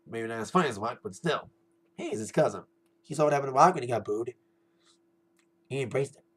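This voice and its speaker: A man's voice: a little high, rough recording. A young man giving a casual, rambling spoken review, often repeating himself and laughing now and then. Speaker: wrestling show reviewer.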